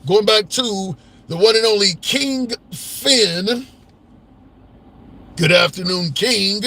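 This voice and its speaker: A man's voice: high voice, slow, gravelly, sharp tone. A man hosting a casual political livestream, taking callers and chatting loosely. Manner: talkative, says he is drinking. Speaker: livestream host.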